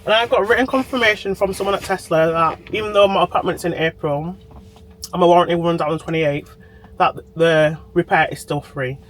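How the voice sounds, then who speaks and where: Chatting straight into her phone from a parked car, this diary vlogger is bubbly and talkative with the camera. She speaks fairly quickly in a lowish voice with a steady tone, and the audio is poor.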